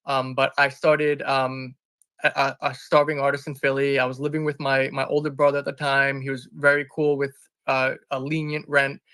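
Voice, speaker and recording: Earnest, bright-voiced man rambling through a story. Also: medium pitch, monotone, moderate pace, clear, resonant tone, dry recording. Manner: earnest and rambling, often restarting and correcting himself. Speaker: interview guest, business founder. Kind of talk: candid personal storytelling in conversation.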